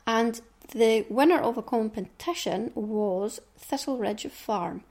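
A woman's voice: fairly high pitch, takes it slowly, a little mellow. A middle-aged woman with a Scottish accent hosting a knitting podcast, chatting casually and rambling with little asides under her breath. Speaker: podcast host. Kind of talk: casual chat.

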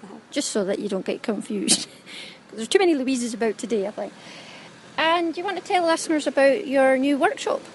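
A chatty, giggly woman with a Scottish Highland accent from Caithness teasingly interviews people for her podcast at a busy, somewhat outdoor festival hall. She records on a handheld phone and speaks fairly quickly, with a bit of hiss or hum audible.

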